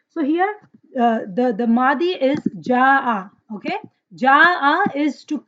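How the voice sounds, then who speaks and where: High-voiced woman teaching Arabic grammar. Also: expressive, slow, a bit bright. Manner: asks students questions, praises answers; recites Quranic verses in Arabic. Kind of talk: online class teaching. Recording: dull lo-fi audio.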